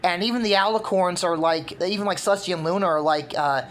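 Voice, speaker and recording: Rambling woman pitching a cartoon fan idea. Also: quick pace, few pauses. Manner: rambling, many fillers. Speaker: fan video creator. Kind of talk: casual fan commentary.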